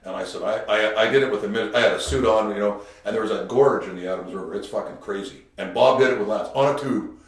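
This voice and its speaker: A man's voice: lowish voice, quick pace. A man hosting a podcast, talking loosely and swearing in casual chat. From Kamloops, Canada. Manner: loose, swearing, says "you know what I mean". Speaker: podcast host. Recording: echoey room.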